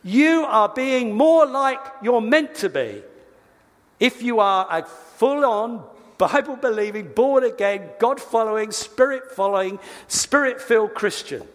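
A man preaching a sermon, lively, with quick asides and self-corrections. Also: very high-pitched, in a large hall. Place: church.

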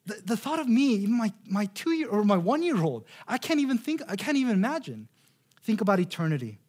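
Earnest preaching man, lively pitch. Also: breathy edge. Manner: earnest, slows down hard on key phrases, repeats words as he restarts. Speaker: pastor. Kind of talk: sermon.

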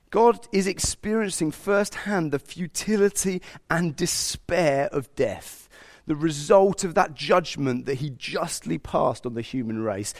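A man preaching a sermon, animated and sometimes speaking God's thoughts aloud. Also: a little high, gravelly. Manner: animated, acts out God's inner voice.

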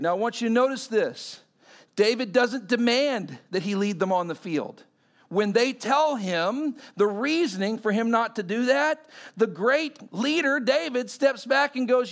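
A man's voice: sits high, normal speed. A man preaching a sermon, telling stories and acting out the quotes in them. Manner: animated storytelling, acting out quotes.

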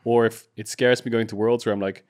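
A man co-hosting an esports podcast, chatting quickly and casually. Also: medium pitch, level tone, darkish tone, clear, resonant tone. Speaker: podcast co-host and caster.

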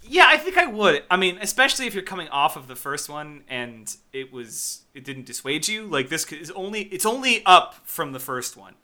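A man's voice: on the high side, sing-song, normal speed, few pauses, sharp tone. A man co-hosting a movie podcast, giving casual, joking opinions and swearing now and then. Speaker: podcast co-host. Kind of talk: casual movie review chat.

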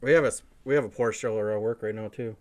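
A man co-hosting a casual podcast, talking in quick, lively chatter. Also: fairly low pitch. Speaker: podcast co-host.

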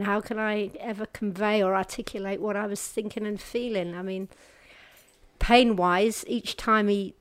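Speaking at a medium pitch, a woman recounts an ordeal to an audience as personal testimony. She is earnest and halting, with restarts and hushed pauses when things get hard, and tells it vividly, alternating brisk and slow, quiet passages. The recording is dry.

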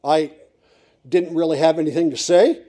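A middle-aged preacher from Pennsylvania with a high, mellow voice for a man. He delivers a sermon through a comic personal story. He builds suspense by teasing the congregation over and over. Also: fairly even intonation, normal speed. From Pennsylvania, USA.

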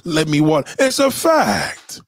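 A man's voice: on the high side, wildly swooping pitch, takes it slowly, no room sound, clean studio sound. A man hosting a casual livestream, reading viewer comments and ranting bluntly with lots of profanity. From New York. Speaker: livestream host.

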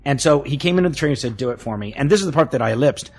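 A man's voice: medium pitch, animated, racing, slightly rough. A man with a slight Southern US accent telling stories as a guest in a casual chat, laughing easily. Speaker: actor guest.

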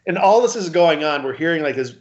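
A man's voice: fairly high pitch, animated, fast talker. A man co-hosting a casual podcast chat, hesitant with many fillers and chuckles. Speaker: podcast co-host. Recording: dull lo-fi podcast audio.

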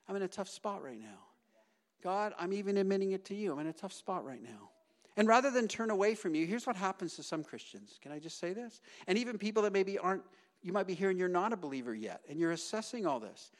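A middle-aged man preaching a sermon as pastor, swinging between loud emphatic bursts and hushed, low asides.

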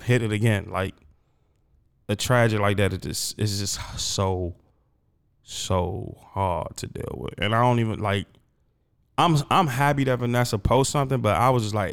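A man's voice: on the low side, smooth. A grieving man in casual conversation, rambling emotionally and repeating himself, often trailing off and starting over. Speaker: guest.

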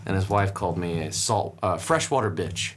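Low, animated podcast co-host man. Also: moderate pace, slight background noise. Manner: animated, profane anecdotes. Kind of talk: casual comedy chat. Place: studio.

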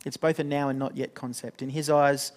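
A man's voice: mid-range voice, little pitch movement, brisk, darkish tone. A young man giving a sermon in an earnest, conversational way, often restarting his sentences. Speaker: pastor.

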